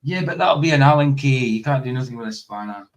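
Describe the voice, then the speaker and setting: A man's voice: medium pitch, lively intonation, fast talker. A man hosting a casual chat over a remote call, laughing often and stumbling over his words. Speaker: host.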